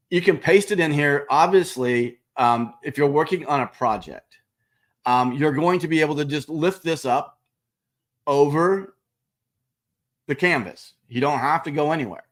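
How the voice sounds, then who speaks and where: A man presenting a live screen-share walkthrough of a software product, explaining each step casually and speaking directly to viewers. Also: mid-range voice.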